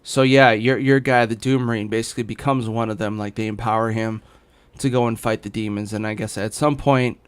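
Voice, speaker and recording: A man's voice: fairly low pitch, steady tone, fairly quick, hardly any pauses, clear, resonant tone. A young man chatting casually as a gaming streamer, rambling with many fillers and restarts while hiccuping. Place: home in Los Angeles.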